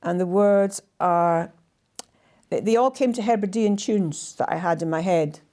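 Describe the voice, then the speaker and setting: An older woman with a Scottish accent, telling stories by the fireside in a gentle, halting way that often trails off to a hush. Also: on the low side. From Scotland. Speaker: storyteller and singer. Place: indoors in a house by a fireside.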